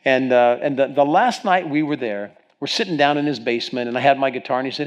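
A man's voice: fairly high pitch, expressive, a little fast. Earnest middle-aged man preaching. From Ohio. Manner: earnest storytelling with frequent restarts and stammers. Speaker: pastor. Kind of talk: sermon.

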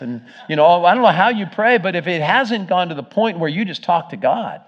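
A man preaching a sermon, telling the story with energy and swinging between loud emphasis and hushed moments. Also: high voice, lively intonation, moderate pace, hardly any pauses. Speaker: pastor. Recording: dull, muffled sermon recording.

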